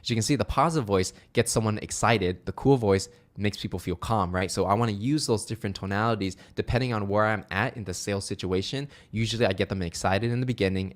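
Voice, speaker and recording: A man's voice: on the low side, fast, hardly any pauses. A man teaching phone sales technique in an upbeat, conversational way, often checking in with "right?". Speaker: sales trainer. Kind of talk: instructional talk to camera.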